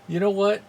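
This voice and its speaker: Male streamer, casual and rambling, a bit high-pitched, with faint background hiss. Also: creaky. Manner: rambling, chuckles often, greets chat viewers. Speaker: streamer hosting a game channel. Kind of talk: casual live-stream chat.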